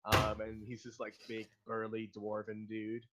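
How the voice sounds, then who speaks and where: A man narrating as game master of a tabletop game, relaxed and hesitant, with many fillers. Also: on the low side, a little slow, heavy background noise.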